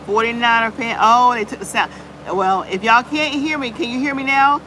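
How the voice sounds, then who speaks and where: A woman's voice: a little high, steady tone, normal speed, pushed and bright, slight background noise, poor audio. A woman hosting a casual live chat on her channel, greeting viewers by name and peppering her talk with "y'all". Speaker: livestream host.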